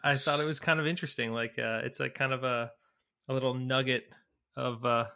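A man's voice: mid-range voice, steady tone, brisk, vocal fry, sharp tone. A man co-hosting a podcast in casual chat, curious and pressing his point. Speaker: podcast co-host.

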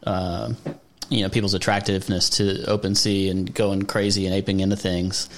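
Halting man asking questions, lowish voice. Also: level tone. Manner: halting, filler-heavy questions with chuckles. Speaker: podcast host. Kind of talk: casual interview chat.

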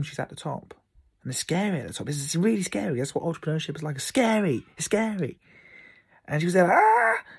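Gravelly-voiced man telling camp stories. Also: medium pitch. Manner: animated storytelling, acts out kids' voices. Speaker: outdoor activity camp instructor. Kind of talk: casual solo podcast monologue. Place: his room, indoors.

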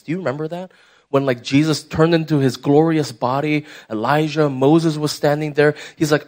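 A man's voice: on the high side, fairly quick, darkish tone. A young man preaching a sermon as pastor, conversational and emphatic, putting direct questions to the church.

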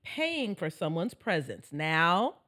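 Woman podcast co-host, animated and playful storyteller, husky tone, lively pitch swings. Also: slow pace. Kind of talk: casual chat.

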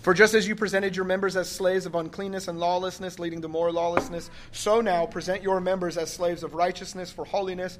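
A man preaching a sermon, reading scripture slowly and commenting emphatically, often laughing. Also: high voice, little pitch movement, slight background noise.

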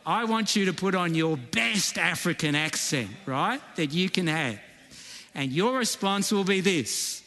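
A man's voice: high voice, expressive, unhurried, bright, forceful tone, in a large hall. A man preaching a sermon in a conversational way, often checking in with the congregation. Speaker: pastor.

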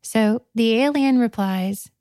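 Soft-spoken woman with a mellow voice. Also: a little high, takes it slowly, no room sound, clean studio sound. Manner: soft, playful, often drops to a whisper and laughs. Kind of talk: guided reflective talk.

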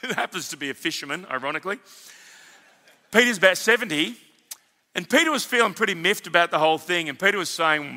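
A man with an Australian accent preaching a sermon as senior pastor, telling stories in an animated, emphatic and conversational way. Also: high voice, quick pace, in a large hall. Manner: animated storytelling, emphatic, conversational asides to the congregation.

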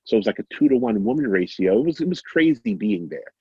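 Deep husky man, middle-aged, casual storytelling, dry slightly muffled sound. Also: fast, dry recording. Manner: animated, self-amused, acts out dialogue. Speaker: guest storyteller.

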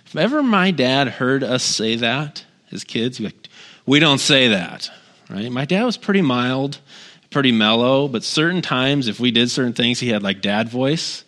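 A man in his thirties preaches in a relaxed, conversational way, his voice sitting at an ordinary middle pitch. He leans on repetition to drive points home and turns to the congregation with friendly asides. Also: normal speed. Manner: earnest, repeats key phrases for emphasis; talks directly to the congregation with asides. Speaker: guest pastor. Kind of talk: conversational sermon.

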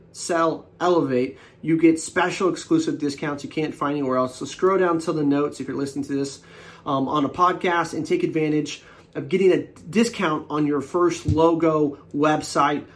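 A podcast host reads a sponsor spot in a relaxed, off-the-cuff way, stopping for fillers as he goes. His voice sits a little higher than most men's. The tone is plain and conversational. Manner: loose, filler-heavy ad read. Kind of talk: casual sponsor read.

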